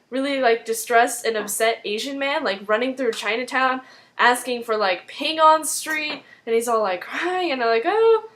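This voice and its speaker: A woman's voice: fairly high pitch, fairly bright tone. A woman vlogger casually recapping a TV episode in a chatty way, full of "like". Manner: chatty, heavy use of "like", acts out quotes.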